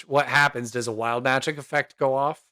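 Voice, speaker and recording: A man's voice: mid-range voice, fairly even intonation, a little fast, pushed and bright, dry recording. A man hosting a tabletop role-play podcast, narrating his character in a loose, rambling way. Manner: rambling, many fillers, chuckles. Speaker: podcast host and player.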